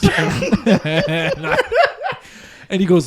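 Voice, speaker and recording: Laughing podcast host with a lively voice. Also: male voice, on the high side, slow pace, long pauses. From Canada. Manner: laughs often, tells stories with quoted voices. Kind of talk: casual chat.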